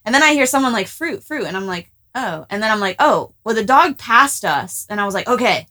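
A woman's voice: medium pitch, lively intonation, brisk, pushed and bright. A young woman co-hosting a casual podcast, telling a story in a chatty way with lots of "like.". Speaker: podcast co-host. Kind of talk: casual chat.

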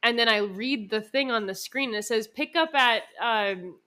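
A woman's voice: a little high, normal speed, sharp tone. A woman in her twenties, co-hosting a podcast with her sister, rambling through a story with lots of swearing and laughter. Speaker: podcast co-host. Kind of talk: casual chat with her sister.

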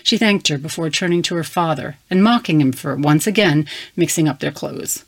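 A woman reading her fantasy story aloud with steady, measured narration. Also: low-pitched. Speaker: story reader.

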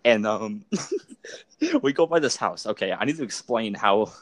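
A man's voice: lowish voice, lively intonation, unhurried, dry recording. A young man hosting a casual podcast, telling stories animatedly with frequent laughter. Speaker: podcast host. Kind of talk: casual storytelling chat.

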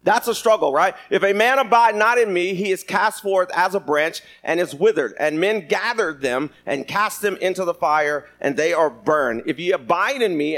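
A man's voice: high-pitched, fairly bright tone. A man preaching a sermon, reading scripture and joking with the congregation. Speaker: pastor. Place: church sanctuary.

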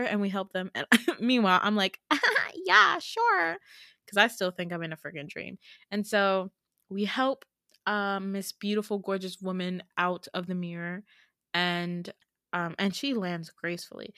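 A young woman hosting a podcast, telling a dream story in a chatty, giggly way full of fillers. Her voice is mid-pitched and recorded very dry on a close mic. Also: a bit bright, no room sound. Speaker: podcast host. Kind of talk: casual storytelling.

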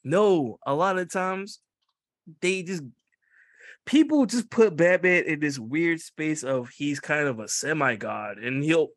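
A man in casual, profane chat, animated and quick to laugh. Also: fairly high pitch, no echo, clean studio sound. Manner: animated, swears freely, laughs often.

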